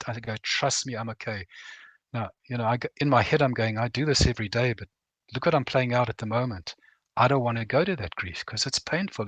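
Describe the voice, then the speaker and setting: A man's voice: medium pitch, a bit bright, no echo. A middle-aged man speaking earnestly and plainly as a guest on a veterans' program, acting out short bits of dialogue as he talks. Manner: earnest, plain-spoken, acts out quoted dialogue. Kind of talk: reflective talk.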